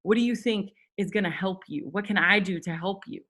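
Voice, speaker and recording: Woman giving her team a pep talk, earnest, lots of questions, normal pitch voice. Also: a little fast, a bit bright. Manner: earnest, coaching, rhetorical questions. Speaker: network marketing leader.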